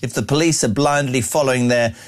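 A man's voice: medium pitch, steady tone, fairly quick. Blunt, indignant male radio host. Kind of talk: live talk radio, reading listener messages.

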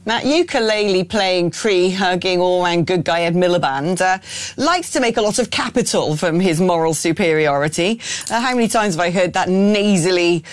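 A woman's voice: on the low side, moderate pace, no room sound. A woman presenting a political talk show, asking pointed questions in a sardonic, opinionated way.

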